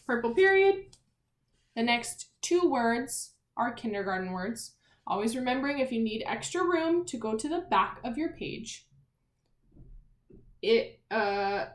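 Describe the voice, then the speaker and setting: Her voice on the high side and fairly bright, a woman runs a remote lesson for little children from an echoey room. She speaks slowly and clearly, breaking words into letters and sounds and asking the class encouraging questions.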